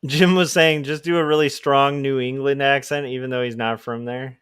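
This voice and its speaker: A man's voice: medium pitch, fairly even intonation, normal speed, fairly bright tone, clear, resonant tone. A man chats loosely on a livestream while he draws comics, often poking fun at himself. His voice sits mid-range for a man. The sound is dry and close, with no room echo. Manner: rambling and self-deprecating, with laughs. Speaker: livestream host and comic artist. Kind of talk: casual livestream chat.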